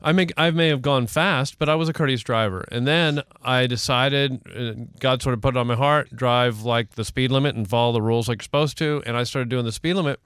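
Smooth-voiced man chatting on a podcast. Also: mid-range voice, brisk, hardly any pauses, a bit bright, dry recording, studio quality. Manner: self-deprecating, rambling with restarts. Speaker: podcast co-host. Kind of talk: casual chat.

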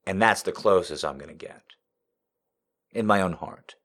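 A man hosting a live podcast, telling a story to his chat, dropping from hushed whispers to loud, profane, teasing jokes. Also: low-pitched, normal speed. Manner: swings from hushed whispers to loud crude joking. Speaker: livestream podcast host.

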